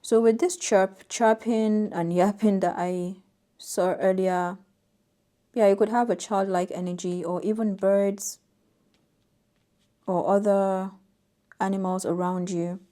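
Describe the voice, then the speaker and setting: Female tarot reader, soft-spoken, warm mellow tone, gentle emphasis on card meanings. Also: medium pitch, fairly even intonation, slow pace, long pauses. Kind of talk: intuitive tarot reading to camera.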